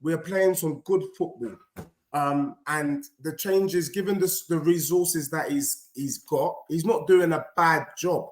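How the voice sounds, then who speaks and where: A high-voiced man defends his football club on a fan panel. He argues his case point by point in a measured way.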